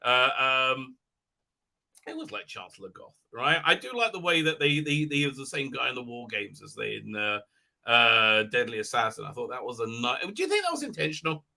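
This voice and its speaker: A man's voice: mid-range voice, big pitch swings, moderate pace, vocal fry, bright, forceful tone. A middle-aged man hosting a livestream in casual, rambling chat, reading out viewer comments with many restarts. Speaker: livestream host.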